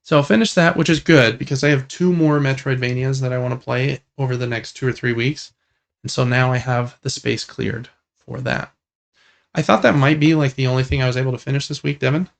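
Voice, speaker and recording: A man co-hosting a gaming podcast, chatting casually in a relaxed, rambling way with lots of fillers. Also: medium pitch, fairly quick, creaky. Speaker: podcast co-host. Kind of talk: casual chat about video games.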